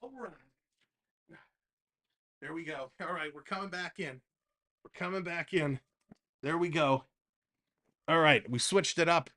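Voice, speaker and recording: Man, livestream play-by-play host, chatty, excitable, slightly high voice. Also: unhurried, long pauses. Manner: chatty, excitable, reads viewer comments between calls. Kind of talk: live play-by-play and chat reading.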